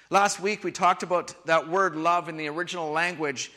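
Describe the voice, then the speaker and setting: A man preaching a sermon, switching between quiet reflective lines and loud, emphatic ones. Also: a little high, moderate pace, few pauses. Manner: expressive, shifts from soft to loud emphasis. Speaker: pastor. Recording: long hall reverb.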